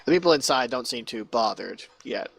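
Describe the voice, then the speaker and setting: Guy gm-ing a tabletop game on voice chat, gravelly and kinda bright, rambly. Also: mid-range voice, lively intonation, normal speed, no echo. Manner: loose, chatty narration with fillers and laughs. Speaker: game master. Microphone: online voice chat mic.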